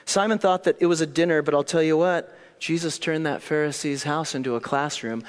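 A man preaching a sermon, telling the story in an animated way that swings between hushed and excited. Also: fairly high pitch, moderate pace, hardly any pauses. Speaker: pastor. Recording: long hall reverb.

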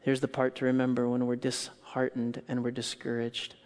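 A man's voice: medium pitch, normal speed. Man preaching in a reverberant hall. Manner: animated storytelling, acts out scenes with loud outbursts and hushed quotes. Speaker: pastor. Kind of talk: sermon.

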